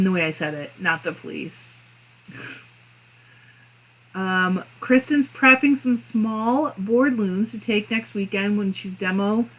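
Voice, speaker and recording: With a Midwestern American accent, a woman reads her viewers' comments on a live crafting stream, friendly and talkative, chuckling softly as she muses aloud. Her voice is mid-range and a touch bright. It's a low-quality recording.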